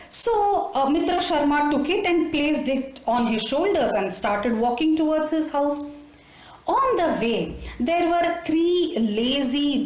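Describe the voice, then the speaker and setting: High-voiced woman telling fables. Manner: expressive, with wide pitch swings. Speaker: storyteller host. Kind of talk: storybook narration. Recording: echoey room.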